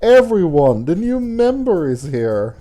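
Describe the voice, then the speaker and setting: A man voicing a cheerful, energetic schoolgirl while reading a game's dialogue aloud. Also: high-pitched, unhurried, pitched above the performer's own voice. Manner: bubbly, eager.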